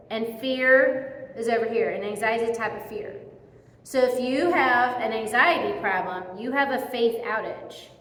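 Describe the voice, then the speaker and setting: A woman giving a casual, conversational sermon in a church, telling the story in a chatty and animated way. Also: on the high side. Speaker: speaker giving a church message. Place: church hall. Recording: echoey hall with long reverb.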